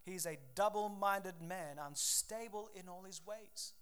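A man's voice: high-pitched, unhurried, fairly bright tone, clear, resonant tone. A man preaching a sermon as pastor, reading scripture and building to fervent exhortation. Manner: preaching with rising intensity, quoting scripture.

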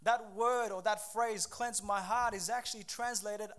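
Pastor, male, very high voice, lively preaching style, acts out the people he quotes. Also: measured pace. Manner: animated preaching, acts out the speakers he quotes, calls out to the congregation. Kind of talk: sermon.

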